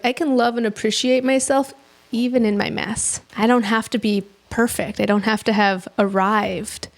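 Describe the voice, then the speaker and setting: Woman, therapist-host, mid-pitched with vocal fry; reflective, reassuring commentary. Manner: reflective and reassuring, speaks directly to the viewer. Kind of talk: reaction commentary.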